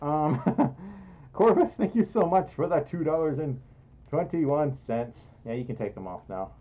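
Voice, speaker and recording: A man streams casually indoors while wearing a fursuit, reading donations aloud with playful, giggly self-deprecation. His voice is a little high and warm, with lively intonation and a slightly slow pace, and the audio is muffled.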